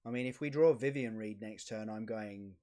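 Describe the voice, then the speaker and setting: A man streaming a card game, muttering commentary to himself with sudden excited outbursts. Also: lowish voice, moderate pace. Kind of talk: casual gameplay commentary.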